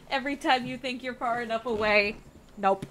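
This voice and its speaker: A woman's voice: fairly high pitch, very noisy. A woman streamer chatting during a gaming stream, joking and teasing her friend. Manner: jokey and teasing, plays along with banter. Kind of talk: casual gaming stream chat. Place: home streaming setup.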